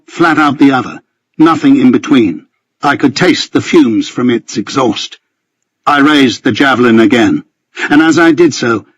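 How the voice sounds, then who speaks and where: A man's voice: medium pitch, dry recording, lo-fi sound. A man reading a first-person thriller as an audiobook narrator, in tense, vivid storytelling.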